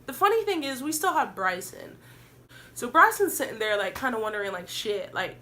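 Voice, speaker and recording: A young woman vlogger telling a wild story in a casual storytime vlog, animated and profane, acting out what people said. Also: a little high, normal speed.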